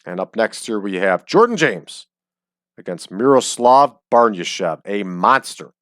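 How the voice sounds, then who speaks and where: A man's voice: lowish voice, lively intonation, measured pace, fairly bright tone, no room sound, clean studio sound. A man giving casual, chatty commentary while he plays a game, joking and using frequent ums. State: hiccups. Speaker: game streamer. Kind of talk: casual let's-play commentary. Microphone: desk microphone.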